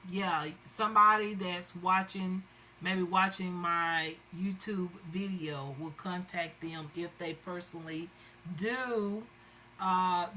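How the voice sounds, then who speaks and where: Slow-talking woman vlogger. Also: on the low side, bright, forceful tone, a little hiss or hum, low-quality recording. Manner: chatty, addresses viewers as y'all. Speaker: beauty vlogger. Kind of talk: casual makeup tutorial chat.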